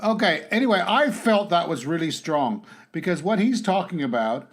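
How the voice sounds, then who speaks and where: Aussie guy hosting a podcast, slightly high voice, lots of ums and restarts. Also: animated. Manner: musing, halting, many fillers. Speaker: podcast host. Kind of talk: casual political chat.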